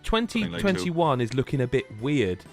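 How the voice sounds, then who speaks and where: A man's voice: a little high, very animated, normal speed, gravelly, soft background music. A man hosting a casual podcast chat, jokey and rambling as he reads out lists. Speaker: podcast host.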